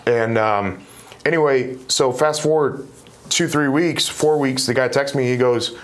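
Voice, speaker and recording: Young man, investor guest, animated storyteller, casual chat. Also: mid-range voice, normal speed. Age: 20s. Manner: animated, acts out quoted dialogue. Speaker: real estate investor guest.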